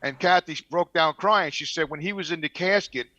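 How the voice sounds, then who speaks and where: A man's voice: fairly high pitch, moderate pace, sharp tone, no echo, highs cut off. A man telling a personal story in casual chat, earnest and a bit profane.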